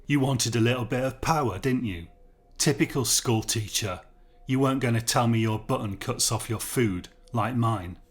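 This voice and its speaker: A man's voice: mid-range voice, moderate pace, close to an everyday voice. Brief: a man reading as a sneering streetwise prisoner, sarcastic and taunting, audiobook story. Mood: mocking. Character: sneering streetwise male prisoner, mocking and distrustful.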